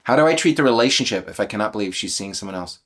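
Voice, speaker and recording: A man's voice: fairly low pitch, animated, racing. Earnest man in his fifties, thinking aloud. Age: 50s. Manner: earnest, emotional, thinking aloud with self-questions; candid and vulnerable, with soft laughs. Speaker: channel host. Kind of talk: reflective spoken self-inquiry.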